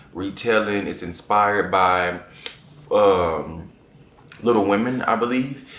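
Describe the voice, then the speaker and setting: Chatty man reviewing books, echoey room. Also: on the low side. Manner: chatty, animated, repeats phrases for emphasis. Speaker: book reviewer. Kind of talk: casual chat to camera.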